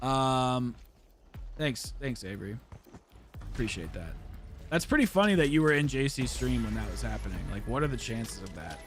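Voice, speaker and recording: A man's voice: medium pitch, big pitch swings, normal speed. A young American man hosting a livestream, chatting casually and rambling profanely while he plays a game. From United States. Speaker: podcast host streaming a game. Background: game music.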